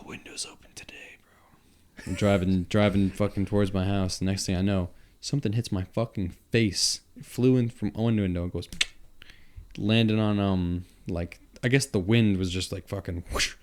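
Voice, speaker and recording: Long island dude on a podcast, kinda low voice, swears a lot, gets really into his stories. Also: moderate pace. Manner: animated, profane storytelling. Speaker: podcast guest. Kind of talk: casual chat.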